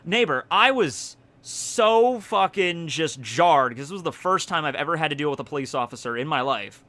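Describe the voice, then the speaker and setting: Man, 20s, YouTuber, excitable swearing storyteller, bright and forceful. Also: on the high side, normal speed. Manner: excitable, swears often, laughs through the story. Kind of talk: casual storytelling vlog.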